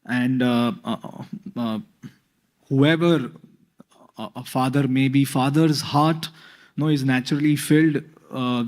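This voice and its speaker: A man giving a scripture talk, pausing often with fillers. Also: medium pitch, darkish tone. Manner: hesitant, many fillers. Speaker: spiritual speaker.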